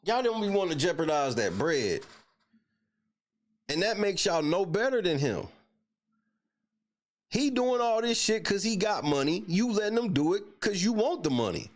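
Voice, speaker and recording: A man's voice: sits high, very animated, normal speed, pauses often. A man hosting a livestream, giving blunt, profane casual commentary. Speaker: livestream host.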